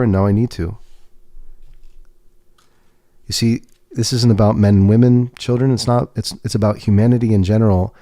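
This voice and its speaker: A man's voice: fairly low pitch, steady tone, brisk, dark tone, no echo, clean studio sound. A man hosting a livestream podcast, musing and trailing off as he reads tarot cards aloud. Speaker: podcast host reading tarot. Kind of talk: casual livestream talk.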